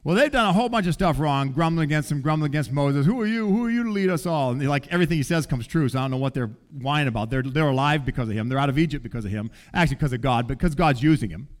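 A middle-aged man preaching a sermon in a conversational, animated way, acting out the people in the story. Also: medium pitch, rapid-fire, hardly any pauses. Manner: conversational, animated, acts out quoted voices. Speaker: pastor.

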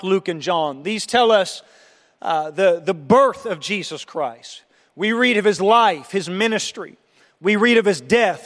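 A man's voice: high-pitched, in a large hall. A man preaching a sermon as pastor, earnest and emphatic, often restarting his phrases. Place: church sanctuary.

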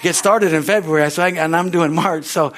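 With a somewhat high, slightly bright voice and a steady tone, this American pastor preaches a little fast. His sermon is folksy and rambling, full of "Amen?" and self-deprecating laughter.

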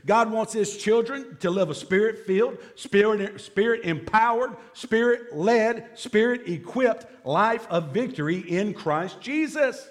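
A man preaching a sermon in a church, speaking in a notably high voice. He keeps the tone loose and conversational, dropping playful jokes between his points. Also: lively intonation, unhurried, hardly any pauses. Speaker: pastor.

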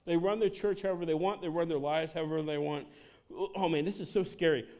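Male pastor, 30s, casual and conversational sermon delivery, frequent fillers and restarts, animated asides. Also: on the high side, fast. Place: church sanctuary.

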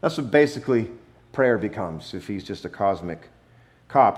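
A man preaching a sermon, emphatic, with dramatic pauses and repetition, sometimes playful. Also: on the low side, expressive. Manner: playful, acts out wrong versions for effect. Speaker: pastor.

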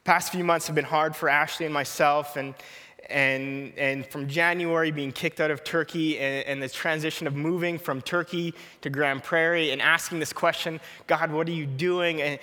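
A man's voice: on the high side, fairly even intonation, moderate pace, pushed and bright, in a large hall. A man in his thirties preaching an earnest, personal sermon, often repeating a short prayer.

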